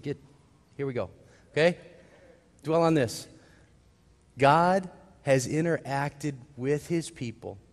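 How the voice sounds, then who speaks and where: A man's voice: medium pitch, long reverb tail. A man preaching a sermon as pastor, putting questions to the congregation and answering them himself. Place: church sanctuary.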